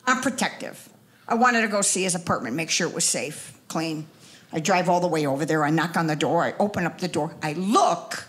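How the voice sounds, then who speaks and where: A woman's voice: lowish voice, lively intonation, fairly quick, a bit bright. An older woman performing a stand-up comedy set, chatting with the audience and teasing them. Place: comedy club stage before a live audience.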